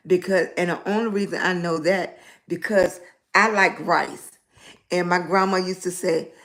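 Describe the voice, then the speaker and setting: A middle-aged woman with a Southern US accent and a slightly raspy voice, rambling in casual livestream chat and greeting viewers by name. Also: fairly low pitch, a bit bright. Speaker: lifestyle blogger live streaming.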